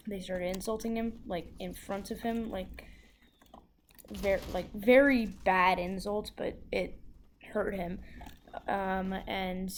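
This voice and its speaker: A woman's voice: mid-range voice, slight background noise. A woman telling a story in a loose, casual way, full of "like" and restarts.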